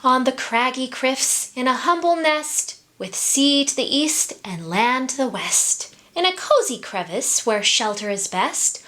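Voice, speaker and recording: A fussy mother gull from a storybook voiced by a woman chirps in bright, sing-song tones. Her voice swoops up and down as she talks. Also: sits high, expressive, measured pace, hardly any pauses, voice pushed up, heavily acted. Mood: chirpy.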